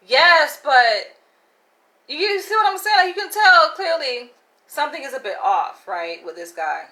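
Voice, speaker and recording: A woman talks straight to her viewers in a casual, candid storytelling way, peppering her sentences with "like" and "right?". Her voice sits a little high and sounds bright and forceful, and she laughs easily as she goes. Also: sing-song, normal speed, poor audio. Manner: chatty and candid, many "like" and "right?" asides, laughs often. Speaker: vlogger.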